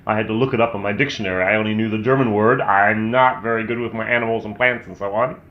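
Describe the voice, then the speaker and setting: A man's voice: on the low side, steady tone, quick pace. An American man hosting a casual whisky tasting review, chatty and candid, thinking aloud as he tastes. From United States. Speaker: whisky reviewer, channel host. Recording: roomy, slightly dull sound.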